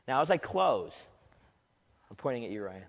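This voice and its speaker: A man preaching a sermon as pastor, emphatic, dropping to a hush and rising to loud peaks. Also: mid-range voice, sing-song, normal speed, vocal fry. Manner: emphatic, swings from hushed to loud. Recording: long hall reverb.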